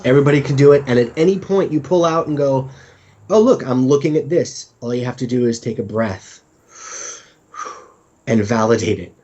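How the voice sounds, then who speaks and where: A man's voice: mid-range voice, normal speed, pauses often, warm tone. A man guesting on a podcast, talking candidly and with self-deprecating humor, sometimes acting out his own inner voice. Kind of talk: casual conversational interview. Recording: dull lo-fi sound.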